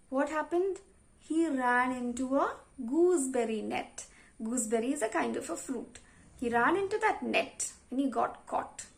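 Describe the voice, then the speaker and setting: Woman teacher, high voice, patient questions for young pupils. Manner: slow, patient, asks the class questions. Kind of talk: explaining a story to young children.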